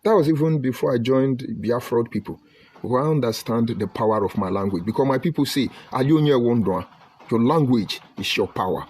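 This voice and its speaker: Husky Nigerian man lecturing emphatically. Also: mid-range voice, animated, moderate pace, a little mellow. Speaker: political commentator. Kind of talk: political commentary monologue.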